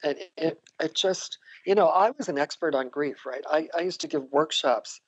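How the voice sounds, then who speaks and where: A woman's voice: low voice, moderate pace, slightly rough, low-quality recording. An older woman, a guest on a podcast, telling reflective personal stories and laughing often. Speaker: interview guest, psychotherapist. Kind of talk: conversational storytelling.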